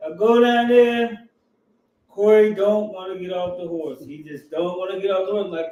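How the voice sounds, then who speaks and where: A middle-aged man, a guest, telling casual anecdotes in an animated, fast-running way. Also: high voice, recorded from a distance, muffled recording. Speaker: guest, riding club family member. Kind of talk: casual storytelling. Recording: roomy, off-mic.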